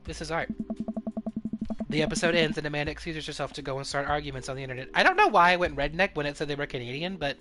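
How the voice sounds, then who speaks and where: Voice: mid-range voice, animated, fast talker, bright, forceful tone. A streamer narrating a game on a live stream in a chatty, playful way, over game music.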